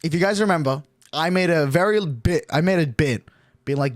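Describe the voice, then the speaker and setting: A man's voice: on the high side, normal speed, dry recording. A male streamer telling a story in a rambling, casual way, full of fillers and swearing.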